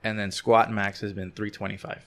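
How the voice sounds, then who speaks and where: Gravelly-voiced young man, podcast guest. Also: fairly low pitch, level tone, moderate pace. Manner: open, easygoing storytelling. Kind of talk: casual chat.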